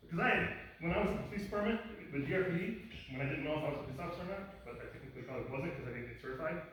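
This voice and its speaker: A man's voice: on the high side, fairly bright tone. Man telling his story in an echoey room. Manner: conversational storytelling, quick bursts of emphasis. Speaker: guest speaker on mental illness. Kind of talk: personal story told to a live class. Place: academy lecture room. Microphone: distant room mic. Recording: echoey room, distant mic, faint noise.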